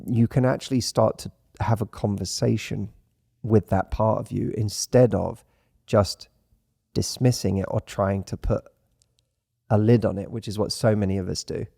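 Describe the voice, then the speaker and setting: A man, the host, talking through dating fears in a reflective, gentle way. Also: fairly low pitch, fairly even intonation, moderate pace, vocal fry, no echo, studio quality. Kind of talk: conversational advice.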